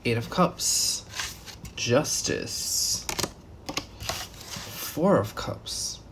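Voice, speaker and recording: Here a male tarot reader is very animated yet extremely slow, rambling casually through a reading full of fillers, restarts and the odd curse. His ordinary-pitched voice carries a clear gravelly fry, and faint background hiss sits under it all.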